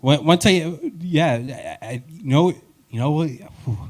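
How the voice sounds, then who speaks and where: A man's voice: fairly high pitch, unhurried, a little mellow. A man doing a live stand-up set, telling rambling, wry and self-deprecating stories. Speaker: stand-up comedian.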